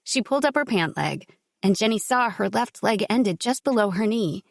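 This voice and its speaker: A woman reading a novel aloud as an audiobook narrator, in steady, measured scripted narration. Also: medium pitch, gravelly, no room sound, clean studio sound.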